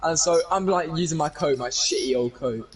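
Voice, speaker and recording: A young man, excitedly telling a story to friends in a casual, swearing, rambling way. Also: a little high, fairly quick, soft background music. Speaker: gaming channel host. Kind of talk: animated storytelling chat.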